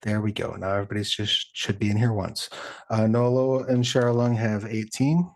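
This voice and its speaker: A man running a tabletop game as game master, talking in a relaxed, chatty way with plenty of fillers. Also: fairly low pitch, normal speed.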